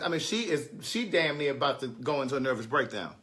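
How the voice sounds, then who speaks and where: A man tells a story in a bright, forceful voice that sits a little high for a man. He flips between pleading student voices and his own low, stern replies. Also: animated, brisk, hardly any pauses. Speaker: storyteller recounting a teaching day. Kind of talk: animated comic storytelling.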